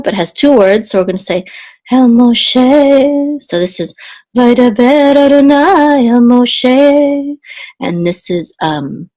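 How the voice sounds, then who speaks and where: A woman's voice: lowish voice, a little mellow. Female Hebrew tutor, slightly sore throat, patient explainer who breaks into sung chant phrases. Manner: explains slowly, then chants the trope melodies. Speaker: Hebrew teacher. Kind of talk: online Bible Hebrew lesson.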